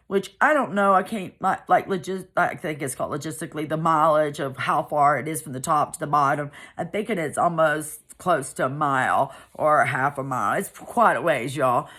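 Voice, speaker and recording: A woman from Pennsylvania giving a personal testimony, halting and emotional, with many restarts and fillers. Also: low-pitched, fairly bright tone. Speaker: survivor telling her story.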